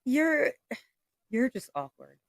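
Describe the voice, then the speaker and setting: A woman's voice: high voice, very animated, slow, dry recording, clean studio sound. A woman co-hosting a sports podcast, teasing her partner and reading listener comments aloud. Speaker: podcast co-host. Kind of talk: casual sports chat.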